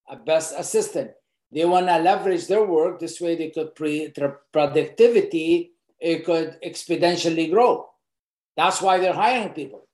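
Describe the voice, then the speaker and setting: Speaking in a mid-range, slightly mellow voice, this earnest presenter talks to camera with off-the-cuff tips for job interviews. Key points come up more than once for emphasis, and the phrasing is loose, with lots of restarts, all captured in a roomy, echoing space.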